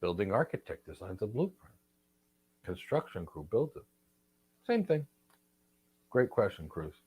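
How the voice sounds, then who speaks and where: A man's voice: on the low side, very animated, a little slow, a little mellow, husky. A man hosting a live career Q&A, answering viewer questions in a blunt, emphatic and repetitive way. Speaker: host, career trainer.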